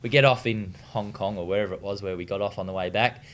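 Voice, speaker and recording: A retired distance runner with an Australian accent tells stories as a guest in a casual interview. His lowish, fairly bright voice runs fast with fairly even intonation, and he's laid-back, swears freely, and uses many fillers and restarts.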